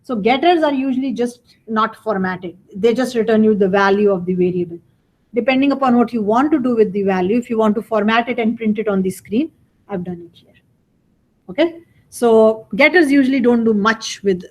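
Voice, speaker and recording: A woman teaching programming in a classroom lecture. Her voice sits somewhat high, and her delivery is loose and conversational, with repeated phrases and rhetorical questions aimed at the students. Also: darkish tone. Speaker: college programming instructor.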